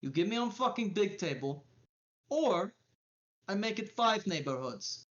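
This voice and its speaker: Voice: medium pitch, lively intonation, a little slow, fairly bright tone, lo-fi sound, pitched above the performer's own voice. The game master voicing a menacing crime boss who speaks broken English and drops small words.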